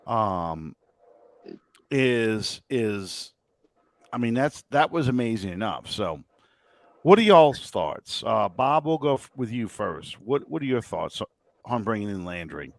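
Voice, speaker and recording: A man's voice: lowish voice, very animated, slow pace, no echo. A man hosting a casual sports talk show, hiccuping and rambling with many fillers. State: has the hiccups. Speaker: podcast host.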